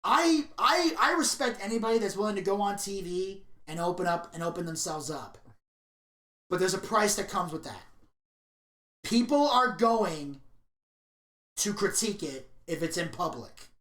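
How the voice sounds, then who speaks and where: A man's voice: high-pitched, normal speed. Opinionated man telling stories in an echoey room. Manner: opinionated, animated storytelling. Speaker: podcast co-host. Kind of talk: casual podcast review chat.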